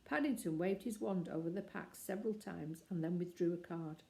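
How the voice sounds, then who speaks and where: A woman reading a children's storybook aloud with lively character voices. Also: fairly low pitch, normal speed, gravelly, low-quality recording. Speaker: narrator.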